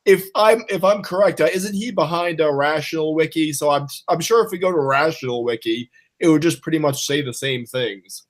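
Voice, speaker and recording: A man talks through a point hesitantly, stacking up fillers as he goes. His voice sits a bit higher than most. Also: brisk, hardly any pauses. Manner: hesitant, filler-heavy analysis. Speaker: panel guest. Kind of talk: panel discussion.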